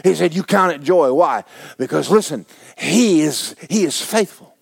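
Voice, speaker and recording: A pastor preaching a folksy, playful sermon to his congregation, now and then breaking into shouted praise. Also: on the high side, lively intonation, moderate pace, gravelly, husky, no room sound. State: injured foot, sitting while preaching.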